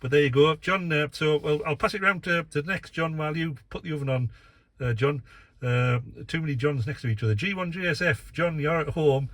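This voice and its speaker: A man's voice: on the high side, brisk, a bit bright, dry recording. A man running an amateur radio net from his vehicle, chatting casually and reading out call signs with many filler uhs. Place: in a vehicle, operating mobile.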